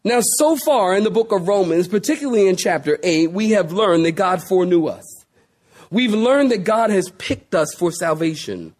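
Animated, high-pitched male preacher. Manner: preaching with dramatic pauses and drawn-out words; addresses listeners as saints, calls for responses. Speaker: pastor. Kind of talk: sermon.

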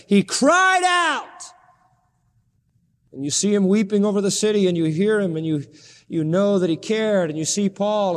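A high-pitched man preaches with fervent, pleading intensity, his voice leaping up at the peaks of each point. His words ring out with a long reverb, as in a large hall. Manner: impassioned, pleading preaching with sudden rises in pitch. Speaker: pastor. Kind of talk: sermon.

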